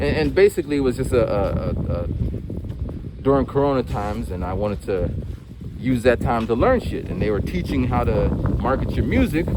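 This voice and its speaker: A man in his forties talks his way through a long story with many restarts and the odd curse, and his pitch jumps around a lot. He is out in the countryside walking home. Steady wind noise sits under his voice. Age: 40s. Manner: meandering storytelling with many restarts and casual swearing. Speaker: vlogger. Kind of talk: rambling casual monologue. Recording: outdoor recording with wind noise.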